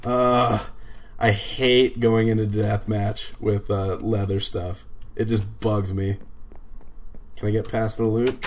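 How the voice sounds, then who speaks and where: Laid-back male streamer, lowish voice, drawls through live game commentary with frequent swearing. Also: takes it slowly, long pauses. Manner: laid-back, swears and laughs easily, talks to viewers. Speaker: livestreamer playing a game. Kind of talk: casual live gaming commentary.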